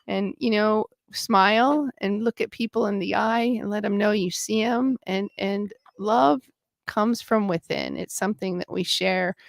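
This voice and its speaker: A woman co-hosting a music stream, chatting softly and reading her own poem slowly and tenderly. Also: medium pitch, creaky, no echo, clean studio sound. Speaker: co-host.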